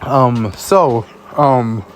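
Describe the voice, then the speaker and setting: A man's voice: mid-range voice, very slow, a little hiss or hum. A young man, a student filmmaker, telling a rambling, exasperated story in a casual vlog, often stumbling over and repeating his words. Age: young adult.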